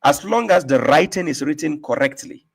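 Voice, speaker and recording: A man's voice: fairly high pitch, animated, normal speed, vocal fry, slightly rough. A man hosting a live stream who speaks emphatically and lectures, often putting rhetorical questions to his listener. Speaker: host giving talks on religion. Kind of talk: casual debate on a live stream.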